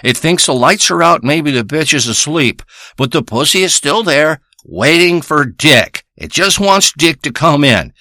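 A man's voice: fairly high pitch, sing-song, unhurried, bright, forceful tone, no room sound, clean studio sound, exaggerated voice. A man playing a crude rambling backwoods braggart. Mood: boastful. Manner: profane, rambling and boastful. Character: crude rambling male backwoods treasure hunter. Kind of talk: improvised comic character monologue.

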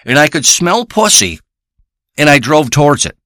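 A man's voice: a little high, big pitch swings, normal speed, pushed and bright, no echo, clean studio sound. A man playing a crude, rambling male treasure hunter who boasts and swears through a comic monologue. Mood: boastful. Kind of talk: improvised comic character monologue.

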